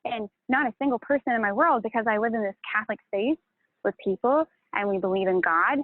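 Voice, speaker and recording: A woman's voice: fairly high pitch, brisk, no room sound. Tinny, phone-like woman venting. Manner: emotional, profane, rambling. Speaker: channel host. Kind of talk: emotional confessional chat. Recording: tinny phone-like line, dry.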